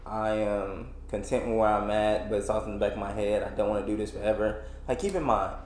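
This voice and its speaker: A man's voice: lowish voice, steady tone, quick pace, darkish tone, echoey room, slight background noise. A man in his twenties hosting a solo podcast, venting in a rambling, frustrated way with many restarts and fillers. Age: 20s. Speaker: podcast host. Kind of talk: casual solo podcast rant.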